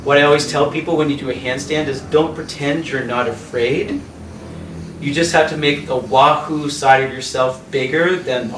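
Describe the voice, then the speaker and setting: A man's voice: on the high side, moderate pace, echoey room, distant mic, slight background noise, rough recording. A man from Canada, a yoga teacher hosting a video call, telling a casual story with laughter and acted-out voices. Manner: animated storyteller acting out voices, laughing often.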